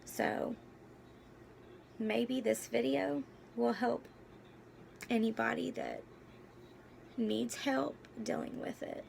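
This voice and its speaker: A young woman vlogging casually about her own life, halting and candid with many fillers, and losing her voice. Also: a little high, steady tone, creaky, a little mellow, a little hiss or hum. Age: young adult. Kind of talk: casual personal vlog.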